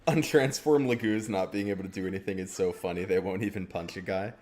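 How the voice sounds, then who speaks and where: A man's voice: low-pitched, quick pace, a little mellow. A young man chatting casually while streaming a game, rambling and trailing off with fillers.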